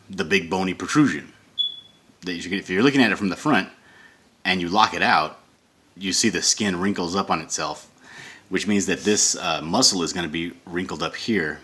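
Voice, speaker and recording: A man's voice: low-pitched, bright, forceful tone. A man teaching comic drawing in a casual tutorial, rambling and correcting himself as he sketches. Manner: rambling, self-correcting, thinks aloud while sketching. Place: home studio.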